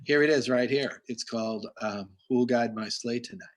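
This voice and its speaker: Guy hosting a zoom chat, keeps restarting his sentences, average pitch. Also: normal speed. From Massachusetts. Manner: rambling storyteller, restarts often. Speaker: host. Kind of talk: casual video call chat. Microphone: video call.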